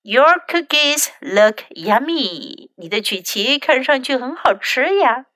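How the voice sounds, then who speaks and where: A woman voicing a patient mother who gently but firmly teaches her son manners. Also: high-pitched, big pitch swings, slow pace, no room sound, full character voice. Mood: gentle.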